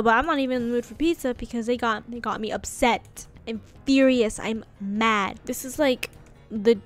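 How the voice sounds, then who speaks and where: A woman hosting a gaming channel, talking through gameplay in casual commentary, excitable and rambling, often breaking into exclamations. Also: fairly high pitch.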